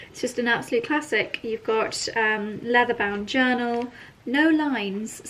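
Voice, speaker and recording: A woman's voice: a little high, slight background noise, poor audio. A woman chatting casually to camera at home in a playful, giggly way. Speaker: lifestyle vlogger. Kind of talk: casual vlog chat to camera. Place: at home indoors.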